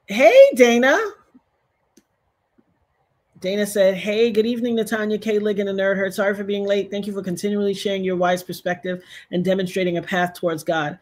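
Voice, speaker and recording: A woman hosting a casual livestream, reading viewer comments aloud and talking straight to her audience in an animated way. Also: medium pitch, brisk. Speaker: livestream host.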